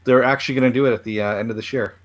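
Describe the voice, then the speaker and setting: A man's voice: medium pitch, fairly even intonation, very fast. A man co-hosting a casual movie review chat, laid-back and matter-of-fact. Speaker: podcast co-host.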